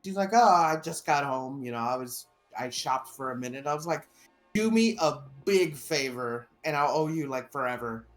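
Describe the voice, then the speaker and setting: Podcast co-host, woman, low voice, animated swearing storyteller, faint music under her. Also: moderate pace. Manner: animated storytelling, swears a lot, acts out quotes. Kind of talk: casual chat.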